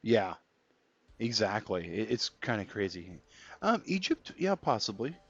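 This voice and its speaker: A man's voice: on the low side, sing-song, unhurried, fairly bright tone. A man streaming a game, chatting casually and reading out viewer comments. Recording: dull lo-fi stream audio with faint music.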